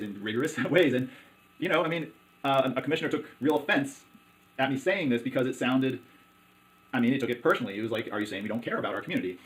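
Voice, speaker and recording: A man speaks at a very rapid clip in a relaxed interview, his voice sitting in an ordinary middle pitch. He halts and restarts often, leaning on fillers as he tells his stories. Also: low-quality recording. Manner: halting, many fillers and restarts. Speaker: hospital district commissioner. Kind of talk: conversational interview.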